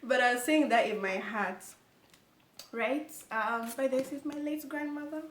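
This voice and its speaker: A young woman telling a personal story to her viewers in an animated, emphatic way. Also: high-pitched, moderate pace. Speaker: vlogger. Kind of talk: casual storytelling to camera. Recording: echoey room, faint background noise.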